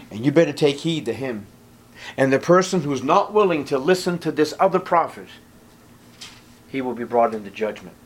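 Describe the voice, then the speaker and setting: Man, preacher, sermon, fairly high voice, pleading, hushed then ringing. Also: slight background noise. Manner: swings from hushed to ringing emphasis; reads scripture in old-fashioned wording.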